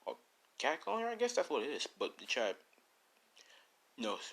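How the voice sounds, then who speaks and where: A man's voice: fairly high pitch, very animated, normal speed, gravelly, a bit bright. A man casually narrating a fan story, rambling with slangy, profane asides.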